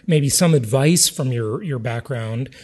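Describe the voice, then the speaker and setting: A man hosting a podcast interview, chatty and self-deprecating, and quick to laugh. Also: medium pitch, darkish tone, husky. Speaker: podcast host.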